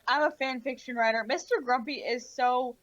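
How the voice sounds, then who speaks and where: A woman co-hosting a casual chat, talking with quick chatty asides. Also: high voice, fairly even intonation, a bit bright, no room sound. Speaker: podcast co-host. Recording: dull lo-fi mic.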